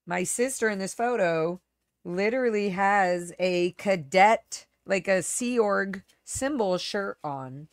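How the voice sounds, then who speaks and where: A woman's voice: medium pitch, expressive, slow pace, no echo, clean studio sound. A woman hosting a livestream, telling a personal story in a casual, candid, rambling way that often trails off and restarts. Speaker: livestream host.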